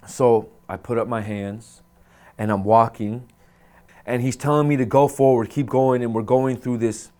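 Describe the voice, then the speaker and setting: A man from the United States retells a personal experience in a middle-pitched voice. He acts out the lines of the people in it and sinks into a near-whisper at the grim parts. He scatters Arabic phrases through his story. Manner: dramatic retelling, acts out quoted lines and drops to hushed tones. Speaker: interviewee telling a personal story.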